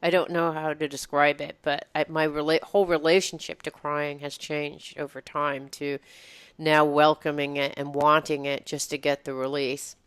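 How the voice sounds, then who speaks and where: A woman's voice: low-pitched, little pitch movement, moderate pace, clean tone, no echo. A woman host in casual chat, talking reflectively and meandering with many fillers.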